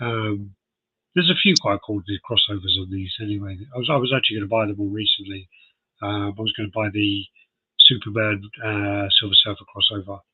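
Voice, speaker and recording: American man, low husky voice, thin phone-line sound, relaxed podcast banter. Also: fairly quick. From United States. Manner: chatty, laughs often, reads out specs. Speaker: podcast co-host. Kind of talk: casual chat.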